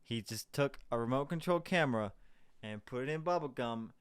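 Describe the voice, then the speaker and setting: A man's voice: mid-range voice, expressive, moderate pace, clean tone, dry recording. A young man reacting to a clip, sarcastic and profane, rambling and restarting his sentences. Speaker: reaction video host. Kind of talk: casual commentary over a played clip.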